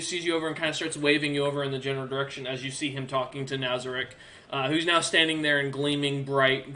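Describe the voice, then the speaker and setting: Man game master, bright and forceful tone, rambling narration. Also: mid-range voice, slight background noise. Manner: loose, filler-heavy narration.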